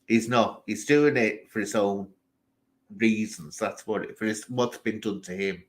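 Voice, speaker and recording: A man's voice: fairly low pitch, fairly even intonation, measured pace. A man from England hosting a casual live stream, ranting animatedly and talking straight to people in the chat.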